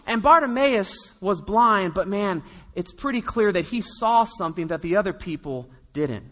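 A man's voice: sits high, animated, moderate pace, big-room sound. A man preaching a sermon in a casual storytelling way, acting out the people in the story. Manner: storytelling, conversational, acts out quotes. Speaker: pastor.

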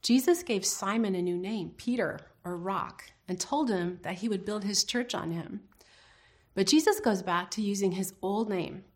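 A woman's voice: mid-range voice, normal speed. A woman teaching a devotional Bible lesson in an earnest, reflective way, putting questions to her listeners.

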